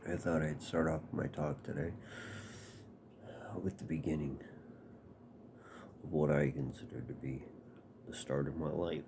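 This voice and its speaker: A man's voice: a bass voice, creaky, background noise. A man telling a personal story casually, swearing and acting out quotes.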